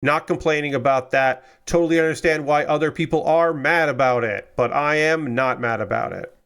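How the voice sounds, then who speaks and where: A man's voice: a little high, moderate pace, a bit bright, clear, resonant tone. A man hosting a model kit build stream, chatting casually and tiredly, rambling with lots of fillers and the odd swear word. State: tired and yawning. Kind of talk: casual chat while building.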